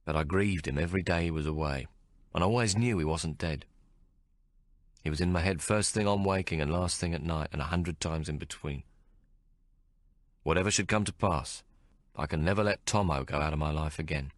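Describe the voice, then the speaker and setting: A man narrating a novel in the first person, in a measured, restrained storytelling manner on a close studio mic. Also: a bass voice, no echo. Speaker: audiobook narrator.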